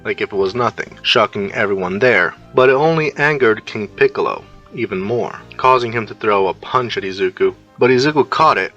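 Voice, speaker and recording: A man's voice: on the low side, lively intonation, fairly quick, hardly any pauses, a bit bright, highs cut off, soft background music. A man narrating a fan-made story, recounting the action scene by scene.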